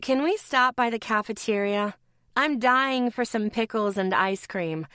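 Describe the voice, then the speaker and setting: A woman voicing a gentle, teasing pregnant healer. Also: fairly high pitch, a little slow, no echo, clean studio sound.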